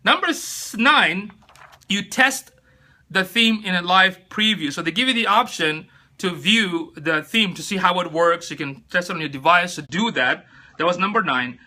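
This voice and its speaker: A man's voice: high-pitched, animated, moderate pace, sharp tone. A chatty, upbeat man hosting a casual live-stream tutorial on his phone, greeting viewers by name as he talks. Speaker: live-stream host giving tips.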